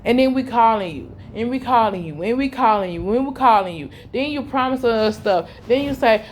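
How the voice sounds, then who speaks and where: A young woman, telling a heartfelt personal story in a repetitive way that often trails off low and quiet. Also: expressive, moderate pace, hardly any pauses. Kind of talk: emotional personal testimony.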